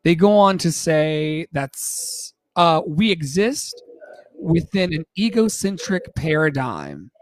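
A man co-hosting a casual podcast, reading a passage aloud with animated, profane emphasis. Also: on the high side, slow, no room sound, clean studio sound. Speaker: podcast co-host.

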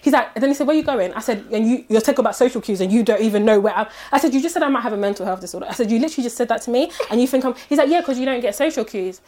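Fast-talking animated woman. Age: 30s. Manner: animated, acts out quotes in high voices. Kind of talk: casual storytelling chat.

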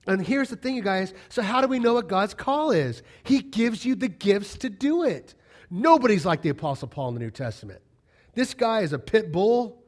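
Middle-aged male pastor, high voice, very lively delivery, emphatic repeating sermon style. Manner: animated, storytelling with emphatic repetition.

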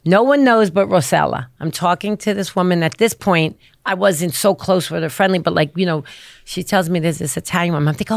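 Rambling, lower-voiced woman telling stories. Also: brisk, creaky, dry recording. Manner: rambling storyteller with many fillers and restarts; animated, acts out quoted voices. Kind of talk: casual chat.

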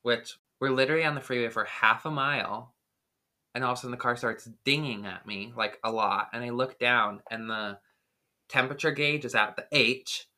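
Man telling a story in a bright voice. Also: medium pitch, normal speed. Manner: rambling, filler-heavy, animated retelling. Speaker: podcast co-host. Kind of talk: casual storytelling chat.

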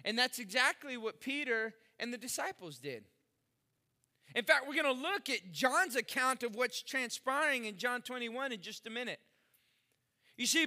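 A middle-aged male pastor preaching a sermon, animated and acting out the voices of the people in the story he reads. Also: very high voice.

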